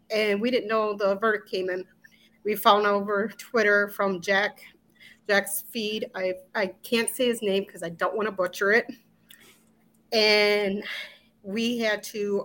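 A middle-aged woman, an interview guest, recounting a personal ordeal in a halting way with restarts and quoted asides. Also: medium pitch, a bit bright. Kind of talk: emotional personal recollection.

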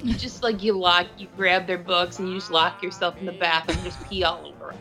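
A woman co-hosting a casual chat, playful and jokey, quick to react. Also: lowish voice, steady tone, bright, forceful tone, soft background music. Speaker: podcast co-host.

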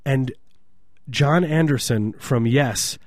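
A man's voice: mid-range voice, takes it slowly, no room sound, clean studio sound. A man co-hosting a podcast, rambling through jokes and tall stories in casual banter. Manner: rambling, jokey, deadpan exaggeration. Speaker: podcast co-host.

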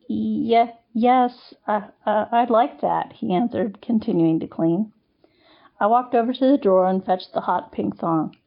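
A woman narrates a first-person story for a podcast, with a conversational, wry delivery. Her voice sits at a middling pitch. The audio is somewhat dull and lo-fi. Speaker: podcast host reading a story.

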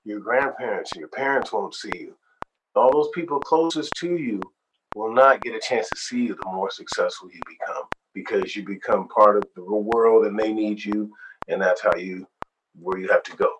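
An older man, a guest singer, telling animated stories in a casual interview. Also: lowish voice, moderate pace. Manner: animated storyteller, acts out quoted voices. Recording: noisy background hiss.

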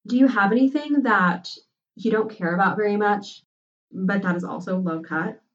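A woman's voice: mid-range voice, normal speed, dull audio, close to an everyday voice. A woman voicing a bold, confident young college woman who talks bluntly and teasingly. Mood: brash.

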